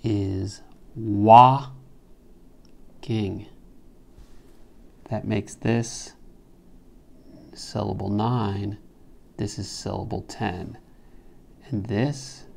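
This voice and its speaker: A man giving a slow, deliberate lecture on poetic meter, sounding out words syllable by syllable. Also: lowish voice, little pitch movement, vocal fry, mellow, slight background noise. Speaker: literature teacher.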